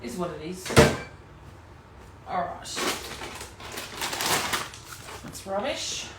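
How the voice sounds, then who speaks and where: Her fairly low voice is animated, with drawn-out words, in an echoey space with heavy background noise. The Australian-accented woman, a cooking demonstrator and team leader, talks chattily with viewers while cooking on a live stream from her home kitchen.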